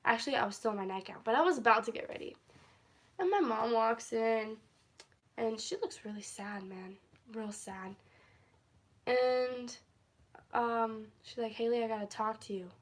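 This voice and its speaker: Young woman, somewhat high voice, casual phone vlog, rambling, easily sidetracked, laughs a lot. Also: unhurried, long pauses. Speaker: vlogger. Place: at home, indoors.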